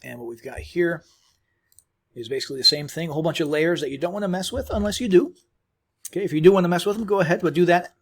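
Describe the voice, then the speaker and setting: A man giving a casual, rambling screen-recorded software tutorial, chewing as he talks, with many fillers and restarts. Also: fairly high pitch, fast. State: chewing while talking. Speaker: tutorial host.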